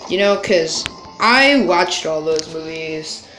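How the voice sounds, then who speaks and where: This time the woman commenting on her gameplay has a low, expressive voice, slow and a bit bright. The gaming creator chats casually, playfully exasperated, talking to characters and letting out yelps, in a roomy recording with game music underneath.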